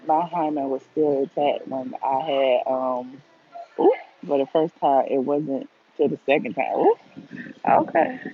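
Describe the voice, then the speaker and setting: A woman's voice: low voice, husky, narrow, tinny audio. A woman talks casually to her viewers in a livestream, speaking her opinions bluntly and reading out their comments as she goes. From Atlanta, USA. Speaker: gossip vlogger answering live chat.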